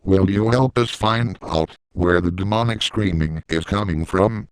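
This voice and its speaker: A man reading the lines of a cheerful young cartoon boy who leads a team, in his own low, clear voice. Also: unhurried, dry recording. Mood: eager.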